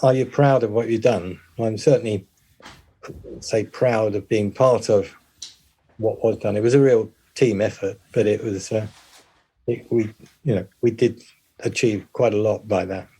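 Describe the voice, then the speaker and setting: Halting older man, dark husky voice. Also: lowish voice, steady tone. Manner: hesitant, halting with many restarts. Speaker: guest, former RAF bomber pilot. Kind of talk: casual interview chat.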